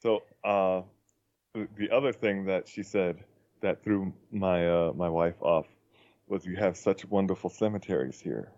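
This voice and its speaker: Man, very low voice, chatty storyteller who chuckles often; dull lo-fi recording. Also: unhurried, darkish tone. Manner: chuckles through his stories. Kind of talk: casual chat. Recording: dull lo-fi sound.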